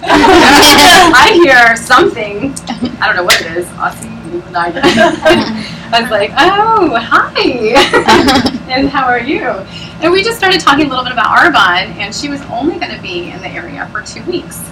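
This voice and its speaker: A woman's voice: on the high side, very animated, normal speed, distant mic, very noisy. A woman presenting at a business opportunity meeting, chatty and bubbly, often laughing as she talks to a live audience. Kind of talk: sales pitch talk to a live audience.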